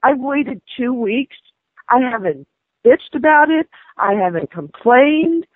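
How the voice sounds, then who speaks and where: A woman's voice: high-pitched, lively intonation, slow, no echo. A woman angrily complaining on a phone call, indignant and swearing. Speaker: prank call target, angry customer. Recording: tinny phone line.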